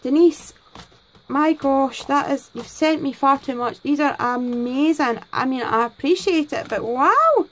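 Her high voice has lively intonation and a measured pace, though the recording is rough. A craft vlogger at her home desk, she talks to camera while opening gifts, effusively thanking people with exclamation after exclamation.

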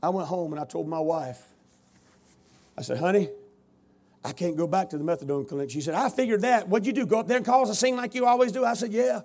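A man preaching a revival testimony, telling his story with rising shouted intensity. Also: high-pitched, fast. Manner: storytelling, builds to loud shouting.

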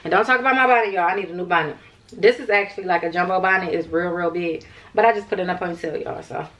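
Chatty tired woman vlogger, low voice. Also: quick pace, a bit bright. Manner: chatty, rambling, addresses viewers as y'all. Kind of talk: casual vlog chat to camera.

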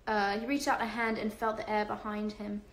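A woman reads a novel aloud to her livestream viewers at an ordinary mid-range pitch. Her delivery is unpolished, with fillers and small self-corrections. The recording sounds like a roomy home space picked up on a phone. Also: level tone, brisk, a bit bright. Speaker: livestream host reading aloud.

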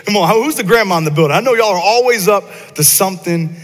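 A man's voice: high voice, expressive, fast talker. A man preaching a casual, conversational sermon to his congregation, often repeating words and asking them questions. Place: church sanctuary. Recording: long church hall reverb.

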